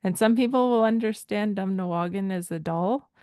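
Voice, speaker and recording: A woman from Rama First Nation in Canada explaining language points in a thoughtful, hesitant way, often pausing to search for words. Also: mid-range voice, a little mellow, clear, resonant tone, no room sound. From Rama First Nation, Ontario, Canada. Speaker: language teacher.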